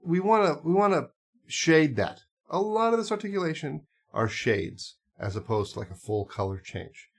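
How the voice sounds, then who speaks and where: A man's voice: a little high, big pitch swings, normal speed. A man teaching clarinet, talking casually and explaining step by step with small asides and fillers. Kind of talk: casual instructional talk.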